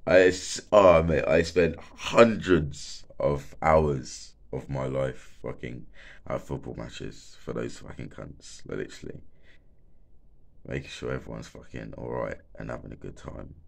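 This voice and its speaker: A young former football stadium security worker, a bit stoned, rambles casually in a rumbling low, unhurried voice with vocal fry. He swears heavily, and nearly every sentence is peppered with "like, literally" and "mate."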